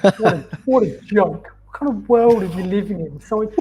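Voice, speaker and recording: A man's voice: sits high, normal speed, warm tone, husky, rough recording. A man on a casual podcast, blunt and sarcastic in giving his opinions. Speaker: podcast co-host.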